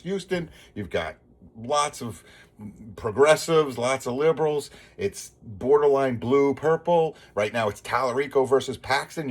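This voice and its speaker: Husky-voiced man ranting casually. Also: medium pitch. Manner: digressive, opinionated, restarts a lot. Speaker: vlogger. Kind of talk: casual rambling monologue.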